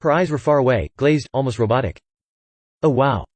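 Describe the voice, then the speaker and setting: A man reading a scripted horror story in an even voice, sometimes reading punctuation aloud. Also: medium pitch, fast talker, no room sound. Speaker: narrator.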